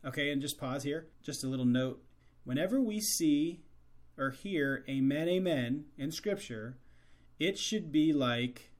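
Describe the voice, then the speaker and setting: An earnest man reflecting on a scripture verse for fathers as the host of a faith show. His voice sits somewhat high. He exhorts his listeners and asks them one pointed question after another. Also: animated, measured pace.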